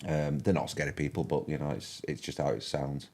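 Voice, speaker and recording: A man's voice: extremely low pitch, fairly even intonation, fairly quick, darkish tone. An older man with a broad Yorkshire accent, chatting casually as a fishing commentator on a live stream, rambling with many restarts and fillers. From West Yorkshire, England.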